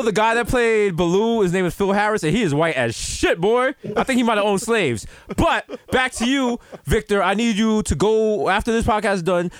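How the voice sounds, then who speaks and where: A young man co-hosting a podcast in loose, swearing banter, his voice sitting a bit high for a man. He spins long stories and acts out the other people in them. The sound is close and dry, with no room around it. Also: clear, resonant tone, no echo. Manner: loose, profane, storytelling with acted quotes. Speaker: podcast co-host.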